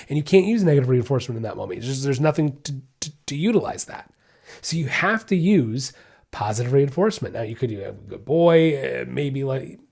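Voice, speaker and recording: Emphatic man, mellow voice, podcast trainer. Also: mid-range voice. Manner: emphatic, repeats key points, asks "you see what I'm saying?"; acts out the dog's thoughts in quoted asides. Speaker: dog trainer and podcast host. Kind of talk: casual explanatory podcast talk.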